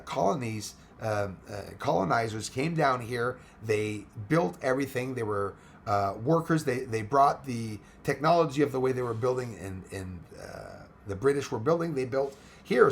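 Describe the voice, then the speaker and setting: A man hosting a livestream and chatting casually through viewer comments. His voice is hoarse, and he rambles with many fillers and restarts. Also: medium pitch, slight background noise. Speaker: livestream host.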